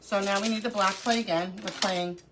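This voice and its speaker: Against a noisy background, a middle-aged woman hosting a crafting livestream talks fairly quickly in a mid-range voice. She's an animated storyteller, casual and quick to laugh.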